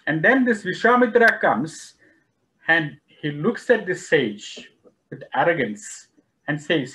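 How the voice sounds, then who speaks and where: Slow, measured male spiritual lecturer. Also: on the high side, big pitch swings, bright, forceful tone, poor audio. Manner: slow, measured, explains terms one by one; acts out quoted dialogue in the story. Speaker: lecturer on Vedic philosophy.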